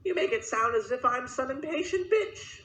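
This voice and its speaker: A man voicing a shrill, scolding upper-class wife in a fan parody dub, cackling as he rants. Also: lively intonation, a little slow, sharp tone, echoey room, full character voice, poor audio.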